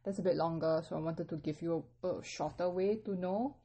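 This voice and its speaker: A woman with a somewhat low, mellow voice gives an easygoing online language lesson. She talks patiently and explains each point step by step, with relaxed fillers along the way. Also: a little fast. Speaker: Chinese language teacher.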